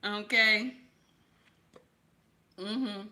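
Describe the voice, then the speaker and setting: A woman hosting a casual livestream chat, animated and playful, teasing her viewers and tossing in "okay?" again and again. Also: medium pitch, extremely slow. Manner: keeps repeating "okay?". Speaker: livestream host.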